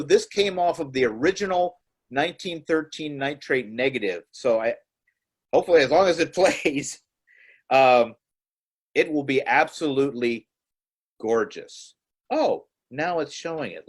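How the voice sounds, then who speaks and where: A man's voice: fairly high pitch, lively intonation, moderate pace, husky. A middle-aged man, a film archivist, giving an informal, chatty lecture with small hesitations. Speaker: film archivist presenting early films.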